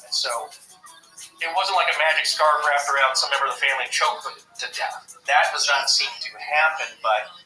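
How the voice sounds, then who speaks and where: A man chats casually on a podcast about movies and the paranormal, rambling and acting out quoted lines. His voice is medium-pitched with a sharp tone. He's far from the mic in an echoey room, and the audio is poor.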